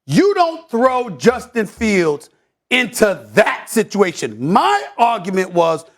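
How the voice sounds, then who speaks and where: A man hosting a sports debate show, ranting loudly and theatrically, with mock-emotional outbursts and stammered repeats. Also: high-pitched, slow pace. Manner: repeats words in bursts when excited.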